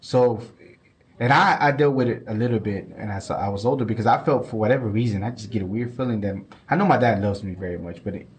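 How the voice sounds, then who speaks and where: A man's voice: fairly low pitch, fast talker. A man co-hosting a podcast, chatting casually and rambling with frequent repeats. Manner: rambling, repeats himself, animated when quoting. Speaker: podcast co-host. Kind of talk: casual chat.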